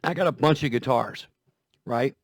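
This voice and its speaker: A man's voice: medium pitch, normal speed, noisy background. A man talking casually and folksily about guitar care, repeating himself as he goes, with a guitar heard now and then. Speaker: guitar vlogger. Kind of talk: casual demonstration talk. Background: guitar playing.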